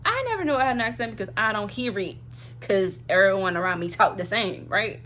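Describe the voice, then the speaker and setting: A young woman with a Southern drawl talks straight to her viewers, cursing freely and repeating herself for emphasis. Her pitch sits mid-range, and a faint hum runs under the recording. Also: expressive, fairly quick, sharp tone. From Louisiana. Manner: blunt, profane, emphatic repetitions. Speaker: vlogger. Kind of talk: casual chat to camera.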